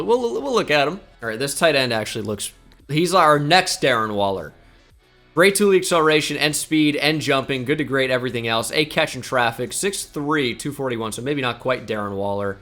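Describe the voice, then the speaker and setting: A man talks through his gameplay in a loose, chatty way, thinking out loud and poking fun at himself. His voice has a bright, forward tone at an ordinary pitch. Faint music sits underneath. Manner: chatty, self-deprecating, thinks aloud. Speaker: gaming YouTuber. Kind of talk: casual gameplay commentary.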